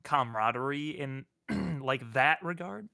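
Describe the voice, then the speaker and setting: A man's voice: mid-range voice, lively intonation, measured pace, gravelly, bright, forceful tone, dry recording, studio quality. A man co-hosting a livestream in casual chat, musing and easygoing with bursts of playful mock outrage. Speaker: co-host.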